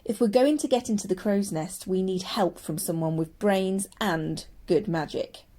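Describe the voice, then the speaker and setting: A woman's voice: mid-range voice, normal speed, dark tone, natural voice. A woman voicing a stubborn, sceptical young girl who speaks firmly and doubts everything around her. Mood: knowing. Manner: firm and doubtful.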